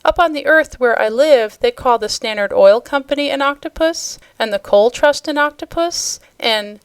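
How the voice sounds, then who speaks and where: A woman's voice: sits high, normal speed, no echo, voice pushed up. A woman reading a storybook, voicing a blunt, scornful little girl in a raised voice.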